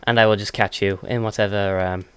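A young British man casually commentating a game he is playing, excitable and self-mocking, blurting out swears. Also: lowish voice, brisk, smooth, no echo. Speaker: let's play gamer. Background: game music.

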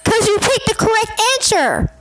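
A woman giving casual gameplay reaction commentary, excitable and blunt, scolding the game and breaking into shouts. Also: very high-pitched, normal speed. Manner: excitable, bursts into shouts and gasps.

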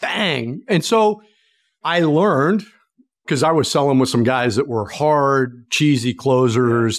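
Middle-aged male guest from Pennsylvania, animated storyteller, mid pitch, dry close sound. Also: unhurried, dry recording. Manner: animated storyteller acting out the people in his story. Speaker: guest, sales expert. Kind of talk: storytelling interview.

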